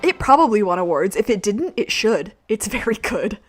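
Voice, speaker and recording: A woman's voice: mid-range voice, very animated, moderate pace, over loud music. Chatty giggly woman gaming host. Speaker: let's play host. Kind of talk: casual gameplay commentary.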